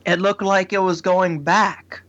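A man co-hosting a casual podcast, telling a story in a halting, loose way. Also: high-pitched, flat delivery, fairly bright tone, dull audio. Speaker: podcast co-host.

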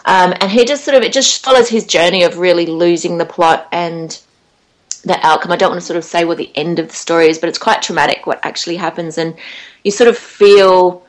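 A woman's voice: on the low side, fairly even intonation, a little fast. An Australian woman, an actor guest, chatting casually in a radio interview, rambling and laughing easily.

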